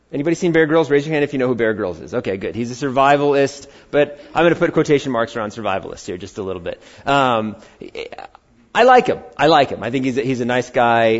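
A middle-aged pastor talks to his congregation like he's chatting with friends, jumping between stories and lively acted-out quotes. His voice sits in a middle pitch. The recording sounds slightly muffled and lo-fi. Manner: animated, conversational, acts out quotes in varied voices. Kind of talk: sermon with storytelling. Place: church hall before a congregation.

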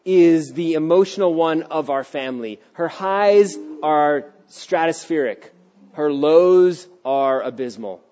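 A middle-aged man preaching a sermon as pastor of a church, animated and acting out little voices, sometimes dropping to a hushed tone. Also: high-pitched. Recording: dull lo-fi sound.

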